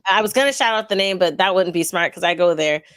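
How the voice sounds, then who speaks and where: A woman and mother, the channel host, telling a funny story to friends in a casual, animated way. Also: on the low side, quick pace, dry recording. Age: adult with a young daughter. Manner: animated, plays out the people in her stories.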